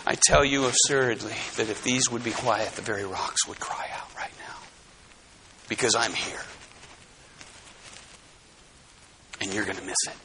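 A man preaching, voicing a sorrowful Jesus who laments in a hushed, tearful near whisper. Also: fairly low pitch, fairly even intonation, normal speed, noisy background, pitched below the performer's own voice, close to an everyday voice. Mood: grieving, hushed.

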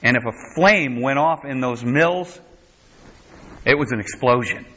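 A male pastor preaches a sermon, working through scripture verse by verse and breaking in with wry asides. His voice is bright and forceful. The recording is dull and lo-fi, with the top end muffled. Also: mid-range voice, a little slow.

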